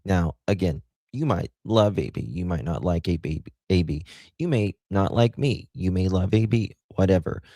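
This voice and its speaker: A man's voice: low-pitched, animated, normal speed, warm tone, dry recording. A man hosting a livestream, giving blunt, crude, rambling commentary. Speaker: livestream host.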